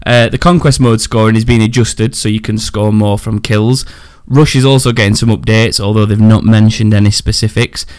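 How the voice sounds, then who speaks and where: A man's voice: fairly low pitch, steady tone, moderate pace, hardly any pauses, darkish tone, clean tone. A man hosting a casual podcast, reading out gaming news in a loose, chatty way with fillers. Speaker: podcast host.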